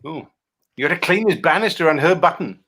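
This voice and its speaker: A man's voice: fairly high pitch, lively intonation, fairly quick, a bit bright, husky. A British man co-hosting a casual video-call chat, making wry, mocking asides. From Britain. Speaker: podcast co-host.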